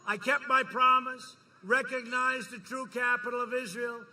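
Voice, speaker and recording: Forceful boastful man at a rally. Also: very high voice, flat delivery, moderate pace. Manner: boastful, repetitive, crowd-rousing. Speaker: politician speaking at a campaign rally. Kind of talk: campaign rally speech.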